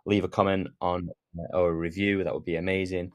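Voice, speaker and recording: Deep-voiced man, quick podcast outro. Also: level tone. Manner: chatty, asks listeners for support. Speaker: podcast host.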